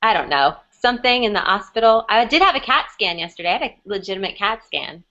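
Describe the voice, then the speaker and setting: Wry young woman, bright and animated. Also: medium pitch, fast talker. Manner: wry, joking, a bit worn out. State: unwell, out of it. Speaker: co-host of a fan chat show. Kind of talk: casual live-stream chat. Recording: dull lo-fi webcam audio.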